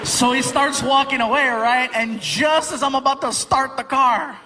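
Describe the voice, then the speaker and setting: High-voiced animated male comedian. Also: normal speed, crowd noise. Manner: animated, loud, lots of voices. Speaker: stand-up comedian. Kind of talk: stand-up storytelling. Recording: noisy live stand-up recording.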